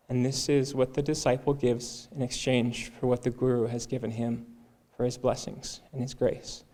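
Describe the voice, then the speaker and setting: Man, mellow and even-toned, calm earnest sermon storyteller. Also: medium pitch, moderate pace, few pauses. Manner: calm, earnest retelling of a devotional tale. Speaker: speaker at a Sunday service.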